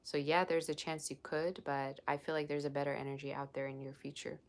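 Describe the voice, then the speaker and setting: A woman's voice: low-pitched, flat delivery, fairly quick. A woman hosting a casual tarot livestream, talking straight to her viewers in an effusive, gushing way, on a built-in device mic. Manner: effusive, gushing and emotional while unboxing gifts. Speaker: tarot reader livestream host. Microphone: built-in device mic, no proper microphone.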